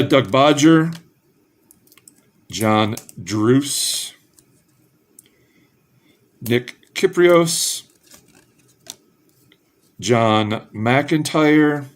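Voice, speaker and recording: A man at a middle pitch, talking in an unhurried, drawn-out way as he opens packs of trading cards. He reads names off one by one, drops offhand asides, and perks up in bursts whenever a good card turns up. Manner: perks up in bursts of excitement over good pulls. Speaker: card collector opening packs. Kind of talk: casual pack-opening commentary.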